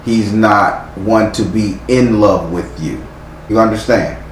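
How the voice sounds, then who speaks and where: A man's voice: fairly low pitch, takes it slowly. A man giving a live tarot reading, speaking bluntly and sternly with frequent profanity. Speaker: tarot reader. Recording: echoey room with faint noise.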